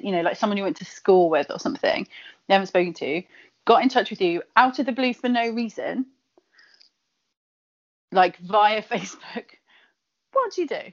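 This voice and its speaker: A woman with a Kent accent chatting casually, giggling often and talking in loose, restarting sentences. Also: mid-range voice. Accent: Kent English. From Kent, England. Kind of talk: casual chat. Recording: slightly dull lo-fi audio.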